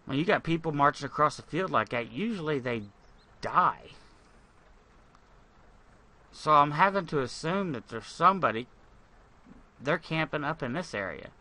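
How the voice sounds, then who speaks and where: A man's voice: on the high side, animated, normal speed, long pauses, sharp tone. A man hosting a gaming channel, giving loose, rambling gameplay commentary with the odd curse. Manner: rambling, profane, thinks aloud.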